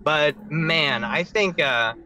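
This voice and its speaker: An excitable male guest with a bright, forceful voice pitched a bit high. He chats about a favorite comedy with eager enthusiasm and quick laughs. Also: a little hiss or hum, rough recording. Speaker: podcast guest. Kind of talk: casual podcast chat.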